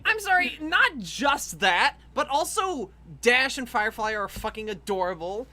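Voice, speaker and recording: A woman hosting a casual chat, excitable and swearing freely, jumping into loud movie quotes. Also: a little high, measured pace, very noisy. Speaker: podcast host.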